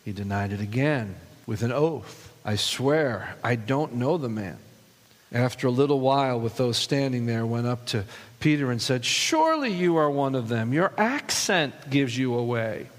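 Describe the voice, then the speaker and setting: A man's voice: mid-range voice, animated, normal speed. Man preaching in a reverberant hall. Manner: reads scripture then reflects with rhetorical questions. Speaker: pastor. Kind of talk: sermon.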